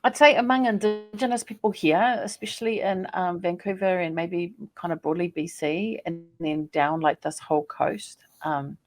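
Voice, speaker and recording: A woman from New Zealand with a New Zealand accent, a scholar telling stories in a chatty, animated way on a podcast call. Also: lowish voice, moderate pace, few pauses, soft background music. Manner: chatty, animated storytelling with laughs. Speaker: guest, Māori scholar and poet. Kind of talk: casual podcast conversation.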